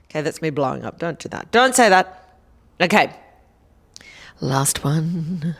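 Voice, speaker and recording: A woman's voice: low-pitched, lively intonation, a little slow, vocal fry. A woman hosting a podcast, giving blunt, casual advice with plenty of swearing and sarcasm. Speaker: podcast host answering listener questions.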